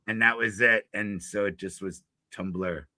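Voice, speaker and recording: A man's voice: on the low side, fairly even intonation, normal speed, bright, forceful tone, no room sound. A man guest telling a rowdy road-trip story in casual chat, swearing and laughing freely. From Florida. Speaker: blues musician guest.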